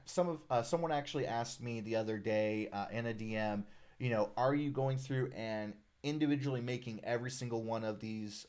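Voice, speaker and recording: A man hosting a casual live stream, chatting loosely with many fillers and reading viewer comments. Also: medium pitch. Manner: relaxed, friendly, many "uh"s, reads viewer comments aloud. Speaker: live stream host, designer of a character art project.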